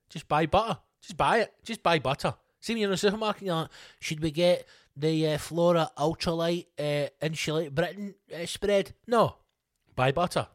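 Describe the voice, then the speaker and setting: A man's voice: medium pitch, no room sound, clean studio sound. A Scottish man hosting a podcast, delivering a sweary, mock-outraged comedic rant. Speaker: podcast host. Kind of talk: ranting comedic podcast monologue.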